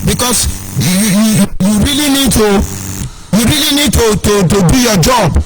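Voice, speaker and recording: Nigerian man, very high voice, preachy sing-song broadcaster rant. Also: expressive, moderate pace, very noisy. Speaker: online broadcaster. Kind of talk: impassioned political monologue.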